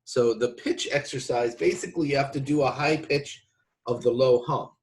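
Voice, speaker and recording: A man's voice: medium pitch, normal speed, a little mellow. A man giving a casual video lesson, explaining with loose restarts between demonstrations. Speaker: didgeridoo teacher.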